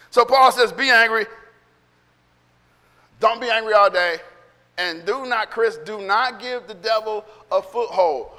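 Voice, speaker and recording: A middle-aged pastor delivers a sermon in a conversational style, acting out quotes and laughing between his points. His voice is high-pitched and sharp in tone, he speaks unhurriedly with long pauses, and the sound carries the echo of a big room.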